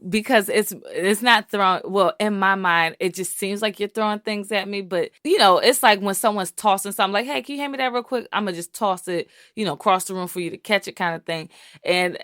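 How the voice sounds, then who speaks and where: A woman's voice: medium pitch, fairly even intonation, a little fast, a bit bright, no echo, studio quality. A woman co-hosting a couples podcast, speaking earnestly and animatedly, with frequent "like" and "you know". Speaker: podcast co-host. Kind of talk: casual chat.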